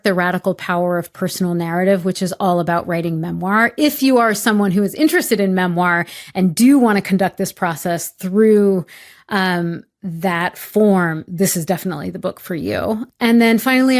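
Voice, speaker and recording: A woman in her forties with a light Boston accent, an author talking casually on a podcast, laughing often and using many "like"s. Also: on the low side. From Massachusetts, USA. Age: 40s. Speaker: author guest. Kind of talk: podcast interview.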